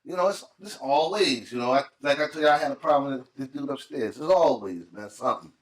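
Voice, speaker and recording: A man's voice: medium pitch, brisk. A middle-aged man in casual chat, telling stories and acting out the voices of the people in them. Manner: animated, acts out quotes in voices. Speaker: podcast co-host. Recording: echoey room, mic at a distance.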